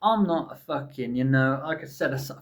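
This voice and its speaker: A man's voice: medium pitch, lively intonation, brisk. A man in a casual, rambling vlog monologue, talking offhand and swearing freely. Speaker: YouTuber.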